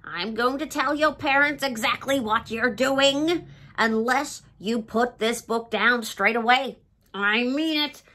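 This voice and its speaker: A woman's voice: a little high, slow pace, sharp tone. A woman reading a picture book aloud in a dramatic, pleading, playful way, as the host of a storytime channel.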